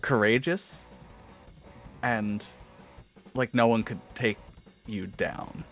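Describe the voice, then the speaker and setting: A man's voice: fairly low pitch, slow pace, faint music behind. A man running a tabletop game as game master, narrating scenes and teasing the players in a dry way.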